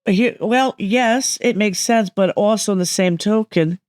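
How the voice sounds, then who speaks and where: A woman's voice: medium pitch, a little slow, darkish tone, no room sound. A woman speaking as a medium guest on a podcast, explaining emphatically and often checking that listeners follow.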